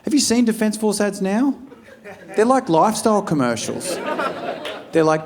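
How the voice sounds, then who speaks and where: Recorded live on a comedy club stage with a laughing crowd, an Australian stand-up comedian swears freely and acts out scenes from his stories. His voice sits high with big pitch swings, and he talks at normal speed with frequent pauses.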